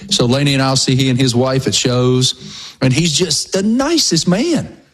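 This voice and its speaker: A man's voice: mid-range voice, animated, unhurried, slightly rough. Enthusiastic man, casual chat. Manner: enthusiastic, emphatic praise.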